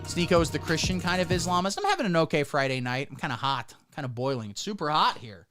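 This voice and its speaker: A man's voice: a little high, big pitch swings, quick pace, music in the background. A man hosting a comedic livestream from Ohio, talking in a rambling, irreverent, sarcastic way.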